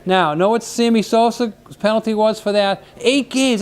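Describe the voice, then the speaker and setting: Male local sports announcer, talkative storyteller, higher voice, restarts his words. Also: a little fast, clear, resonant tone. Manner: chatty, storytelling, repeats words when starting. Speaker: sports commentator. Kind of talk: casual booth chat between plays.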